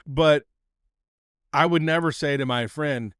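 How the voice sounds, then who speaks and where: A man hosting a podcast, chatting in a relaxed way and laughing easily. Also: on the high side, unhurried, smooth, dry recording, studio quality. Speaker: podcast host. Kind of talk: casual chat. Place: outdoor patio.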